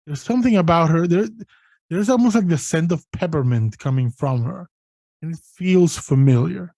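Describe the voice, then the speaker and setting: A man narrating a tabletop role-playing game as game master, setting scenes in a deliberate way. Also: a little high, warm tone, dry recording.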